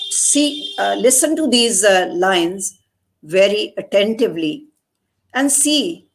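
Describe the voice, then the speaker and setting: A woman reciting a poem and explaining it, repeating lines slowly for emphasis. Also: mid-range voice. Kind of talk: poetry recitation with commentary.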